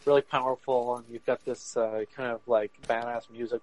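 A man's voice: medium pitch, level tone, normal speed, few pauses, darkish tone, low-quality recording. A man co-hosting a podcast in casual chat, rambling with many fillers and laughing often. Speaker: podcast co-host.

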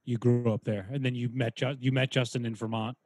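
A man's voice: mid-range voice, flat delivery, a little fast, a little mellow, no room sound. A man from Rhode Island co-hosting a podcast over a video call, chatting and joking with lots of fillers. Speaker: podcast co-host.

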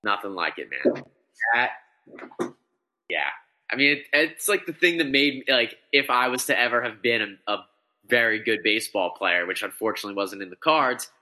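A man co-hosting a sports podcast in casual chat, excited and rambling, with many restarts. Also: medium pitch, normal speed. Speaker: podcast co-host.

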